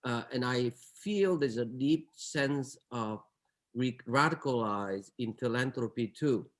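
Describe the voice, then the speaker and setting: Earnest man musing on a panel. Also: mid-range voice. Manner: earnest, searching, with halting restarts. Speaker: curator on a panel. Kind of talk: reflective panel remarks.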